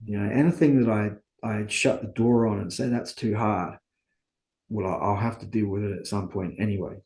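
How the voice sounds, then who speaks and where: Gravelly low-voiced man in a roomy space. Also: fairly even intonation, normal speed, a little mellow. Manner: earnest, reflective, often asks and answers his own questions. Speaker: interview guest. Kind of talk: candid conversational storytelling.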